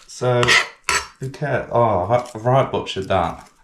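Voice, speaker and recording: A man talks his way through a home cooking vlog. He rambles, mocks himself and swears freely, in a mid-range voice. The kitchen is echoey, and pots and cutlery clatter loudly in the background. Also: mid-range voice, takes it slowly, noisy background. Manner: rambling, self-mocking, swears a lot. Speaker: cooking channel host.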